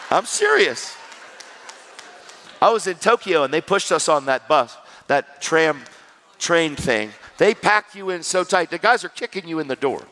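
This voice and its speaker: A middle-aged man preaching his personal testimony in a conversational style, swinging between loud and hushed. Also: a little high, very animated, measured pace. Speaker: evangelist. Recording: long reverb of a large hall.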